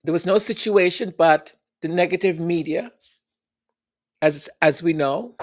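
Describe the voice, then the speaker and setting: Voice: mid-range voice, a little slow. A commentary host speaking sarcastically, with emphatic rhetorical questions. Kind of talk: opinion commentary.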